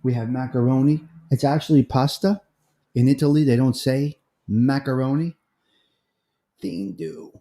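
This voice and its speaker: A man's voice: medium pitch, a little slow, pauses often, dark tone, echoey room. A middle-aged American man, hosting a casual live-stream chat, greeting viewers by name and drifting from topic to topic. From United States. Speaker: livestream host.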